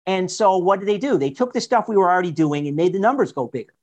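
A high-voiced man, talking quickly as a guest author on a political program, keeps restarting sentences and hurling rhetorical questions with animation. The recording has lo-fi sound.

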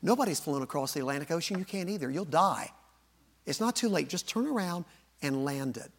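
A man's voice: a little high, expressive, fairly quick, breathy edge. A man voicing a nagging male inner voice of doubt that keeps taunting and urging a pilot to turn back. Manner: taunting, insistent.

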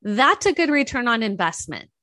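A middle-aged woman with a high voice hosting a relaxed interview. She speaks conversationally and shares anecdotes. The sound is dry and close, with no room around it. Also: normal speed, dry recording. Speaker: podcast host. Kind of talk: casual interview talk.

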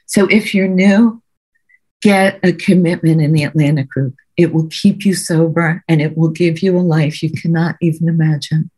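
A woman's voice: low voice, steady tone, moderate pace, a little mellow, slightly rough. A middle-aged woman giving an earnest, conversational recovery talk over a video call, often repeating words for emphasis. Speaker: guest speaker at a recovery meeting. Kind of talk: personal recovery testimony.

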